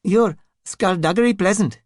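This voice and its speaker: A woman doing a high, whimpering frightened man. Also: moderate pace, darkish tone, no echo, studio quality, lightly acted. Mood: nervous. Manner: whimpering, stammering. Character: frightened sobbing man in hiding.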